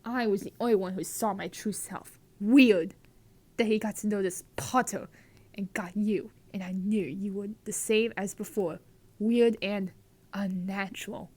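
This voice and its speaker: A woman's voice: medium pitch, fairly even intonation, a little slow, a little mellow, slightly rough. Brief: woman playing a resentful, sneering aunt. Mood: bitter.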